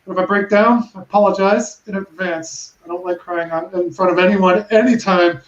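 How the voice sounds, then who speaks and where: A woman in her thirties speaking on a panel about her own experience. She talks in a halting, emotional way with many restarts. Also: fairly low pitch, steady tone. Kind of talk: personal testimony on a panel. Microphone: video call. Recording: roomy dull-sounding video call.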